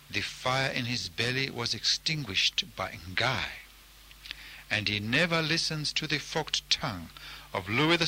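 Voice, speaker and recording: A man telling a folk tale with slow, measured care. His voice is very bright and ringing, and he lets each phrase land before moving on. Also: mid-range voice, slight background noise, low-quality recording. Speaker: narrator. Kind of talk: storytelling narration.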